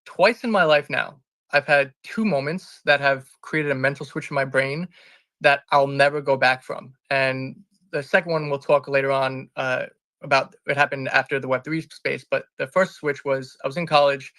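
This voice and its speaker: A man's voice: medium pitch, fairly even intonation, normal speed, fairly bright tone, no room sound. A man speaking as an interview guest, telling a candid personal story in an earnest, rambling way and often restarting or correcting himself. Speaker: interview guest, business founder.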